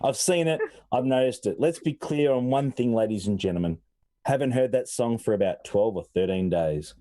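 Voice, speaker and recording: A man's voice: mid-range voice, moderate pace, mellow. A man hosting a live gaming stream, joking and teasing his co-hosts in casual chat. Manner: joking, teasing, laughs often. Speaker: host.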